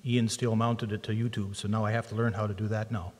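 A man's voice: lowish voice, level tone, fast, darkish tone. Man rambling in a reverberant church hall. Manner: rambling, self-correcting, lighthearted. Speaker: church volunteer running the camera and live stream. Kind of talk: speech at a retirement lunch.

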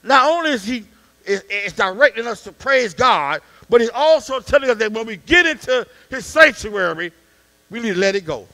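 A man, a deacon preaching a sermon in a call-and-response style, dropping to quiet asides and rising to shouts. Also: very high voice, lively intonation, moderate pace, rough recording.

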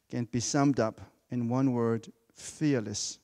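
A man delivering a sermon at a very slow, deliberate pace, his voice carrying a long church-hall reverb. He leans on key words and repeats them for emphasis, in a mid-pitched voice. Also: fairly even intonation, warm tone. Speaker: preacher.

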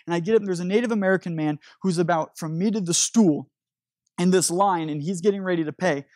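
Pastor telling a story in a sermon. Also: male voice, sits high, fast talker, no echo, studio quality. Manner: animated storytelling with restarts.

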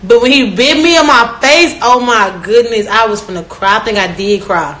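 A woman's voice: a little high, moderate pace, a bit bright. A young woman telling stories in a casual chat, brash and profane, often laughing. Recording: echoey room with faint noise.

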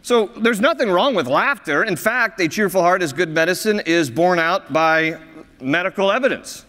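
A man with a notably high voice preaches to his congregation. He tells his stories with cheerful humor and often breaks into laughter at them. The sound carries the long reverb of a church sanctuary. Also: expressive, normal speed, sharp tone. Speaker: pastor. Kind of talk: sermon with humorous storytelling.

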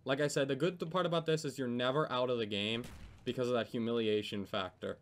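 A man's voice: mid-range voice, steady tone, fast talker. Young man swearing through gameplay commentary. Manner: swears a lot, yells when frustrated. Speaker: gaming commentator.

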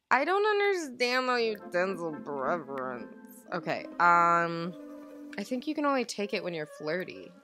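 A woman's voice: medium pitch, pushed and bright. A young woman hosting a gaming video, chatting casually and talking to her game characters as she plays. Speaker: gaming channel host. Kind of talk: casual let's-play commentary.

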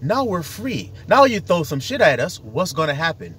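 Husky, high-voiced profane preacher man. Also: normal speed. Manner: profane, animated, laughs and acts out quotes; cites scripture in slangy street talk. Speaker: self-styled preacher. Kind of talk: casual preaching monologue.

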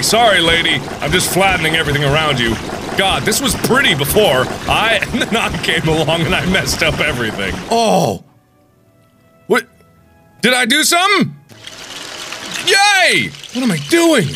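A man giving excitable, jokey commentary while playing a video game, swinging between yelps and mutters. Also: high-pitched, moderate pace, over music. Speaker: gaming video host. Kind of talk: gameplay commentary.

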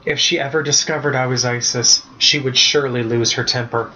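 Male author narrating his book, steady and even, mid-pitch, muffled lo-fi sound. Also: brisk. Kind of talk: storybook narration. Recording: muffled lo-fi recording.

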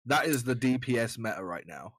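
A man's voice: mid-range voice, lively intonation, brisk, a bit bright, no room sound. A man chatting casually on a gaming podcast in a mid-range voice. He ticks through lists in an easygoing way. The sound is dry and close, with no room around it. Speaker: podcast co-host.

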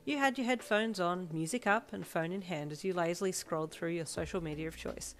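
A woman reading a second-person fanfiction story aloud in an expressive narrating voice. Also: on the low side, fairly quick. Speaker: fanfiction reader. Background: soft backing music.

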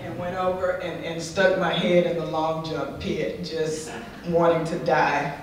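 A woman's voice: low-pitched, level tone, measured pace, a little hiss or hum. Middle-aged woman, candid and funny conference storyteller; distant mic, big reverberant room. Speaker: conference speaker. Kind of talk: inspirational personal story talk. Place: large conference hall. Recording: echoey hall, distant mic.

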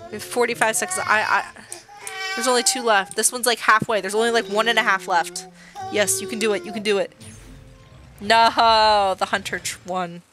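A woman's voice: medium pitch, steady tone, normal speed, music in the background. A woman streaming a game live, chatting casually and exclaiming nervously as she plays. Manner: nervous, exclaiming while playing.

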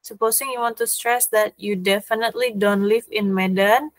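A woman teaching a language lesson, explaining grammar slowly and patiently with examples. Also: mid-range voice, fairly even intonation, no echo.

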